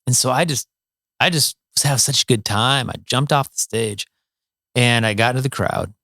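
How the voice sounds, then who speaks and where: A man's voice: medium pitch, normal speed, bright, forceful tone, dry recording, studio quality. A middle-aged man from Ohio, a musician, telling stories in a casual interview, with many fillers and restarts. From Toledo, Ohio, USA. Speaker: guest, musician.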